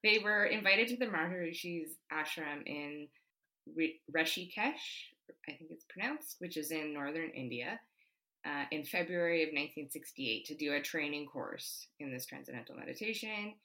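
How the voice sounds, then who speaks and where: A woman's voice: low voice, lively intonation, normal speed, bright, forceful tone, low-quality recording. A woman co-hosting a podcast, chatting casually about history with many fillers and frequent laughs. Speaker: podcast co-host. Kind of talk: casual chat.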